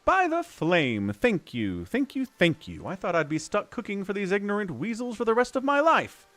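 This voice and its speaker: Young dwarf cook, effusive, pitched up, a man reading him in-game. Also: huge pitch swings, normal speed, fairly bright tone, no echo, heavily acted. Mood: grateful. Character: young male dwarf cook, grateful and eager.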